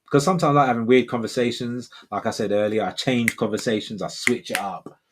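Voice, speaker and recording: A man's voice: mid-range voice, fast talker, noisy background. A man in his forties hosting a livestream, chatting casually and reading viewer comments in a rambling, laid-back way, saying "man" and "bro" often. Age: 40s. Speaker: livestream host.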